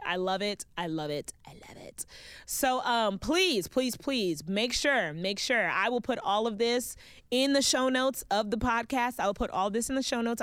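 Calling her listeners babes and y'all, a podcast host chats playfully in a relaxed solo show. Her voice is a little high, recorded with no room sound.

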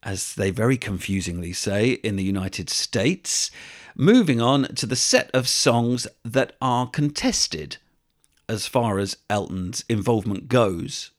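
A man hosting a podcast, presenting scripted narration in a measured, even-handed way. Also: fairly low pitch. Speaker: podcast host.

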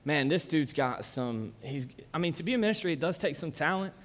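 Joking pastor in a reverberant hall. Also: male voice, fairly high pitch, animated, a little fast, fairly bright tone. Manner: casual, joking, chatty asides. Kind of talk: conversational sermon. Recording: long church-hall reverb.

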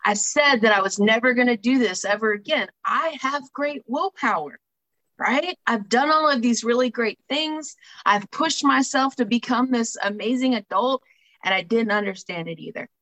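Bright-voiced woman telling her story. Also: a little high, normal speed, poor audio. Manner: conversational, frequent "right?" tags and fillers. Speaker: speaker sharing a recovery story. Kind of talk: candid personal talk with book reading.

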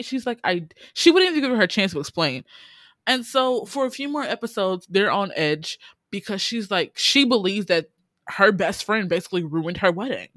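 A woman, casually recapping a TV series in animated, exasperated storytelling. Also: medium pitch, moderate pace, dry recording. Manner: animated, swearing, exasperated storytelling with quoted reactions.

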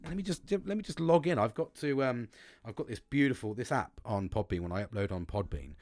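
Sweary podcaster, dry close sound. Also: male voice, medium pitch, animated, fairly quick, darkish tone, no room sound. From England. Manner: blunt and sweary, rambling with frequent restarts. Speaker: podcast host. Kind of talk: casual solo podcast monologue. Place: small wooden shed. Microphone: close podcast mic.

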